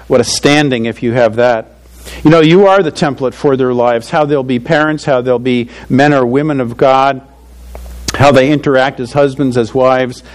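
A man's voice: mid-range voice, darkish tone, poor audio. An older man preaching a sermon to fathers in a conversational, earnest way, often saying "you know" and chuckling at his own stories. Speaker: pastor.

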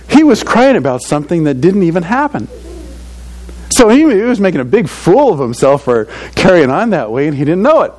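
Earnest older male preacher, fairly high voice. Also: sing-song, fairly quick, darkish tone, low-quality recording. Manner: conversational, earnest, frequent "you know". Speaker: pastor. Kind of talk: sermon.

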